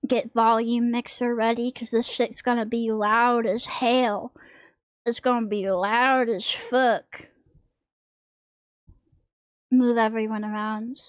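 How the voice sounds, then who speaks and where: A young woman with a high, girlish voice talks slowly and loosely while she draws on stream. She rambles and swears casually, with a dry, close sound from a desk mic. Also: little pitch movement, no echo. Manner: rambling, joking, crude. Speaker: vtuber streamer.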